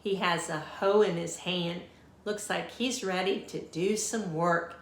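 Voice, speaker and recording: A woman reading a picture book aloud to children as a teacher, slow and expressive, stopping to ask them questions. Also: fairly low pitch. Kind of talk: read-aloud storytime for children. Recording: echoey room.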